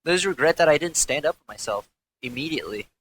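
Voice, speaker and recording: Bright-voiced young man telling a story, rambling. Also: a little high, lively intonation, fast, poor audio. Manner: rambling, profane, frequent restarts. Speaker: former pro gamer. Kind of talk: candid interview storytelling.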